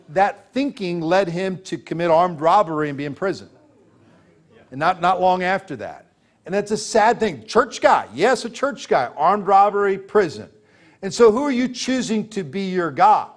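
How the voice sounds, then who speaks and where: A man's voice: high-pitched, expressive, normal speed. A man preaching a sermon as pastor, emphatic and full of rhetorical questions, laughing as he tells stories.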